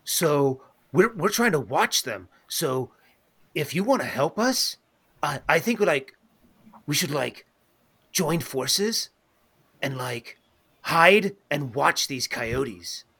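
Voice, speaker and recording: A man's voice: on the high side, animated, slow pace, pauses often, fairly bright tone, breathy edge, heavily acted. A man voicing a rambling little squirrel. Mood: coaxing. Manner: rambling, full of likes and ums. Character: small male squirrel, nervous and chatty.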